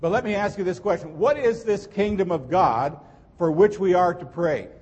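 A man with a high, husky voice preaches a sermon in a church sanctuary. His delivery is earnest and emphatic, circling back to repeat key phrases. The room adds a long, ringing reverb behind him. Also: normal speed, a little mellow, lo-fi sound. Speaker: pastor.

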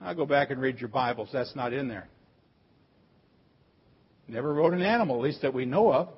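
A man's voice: mid-range voice, expressive, normal speed, breathy edge, lo-fi sound. A man preaching a sermon as pastor, explaining a word like a teacher and rising to emphatic cries on the phrases he quotes.

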